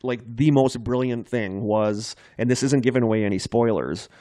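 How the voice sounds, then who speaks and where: A man's voice: medium pitch, normal speed, dark tone, no echo, clean studio sound. A man co-hosting a podcast in casual chat, retelling scenes in eager detail. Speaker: podcast co-host.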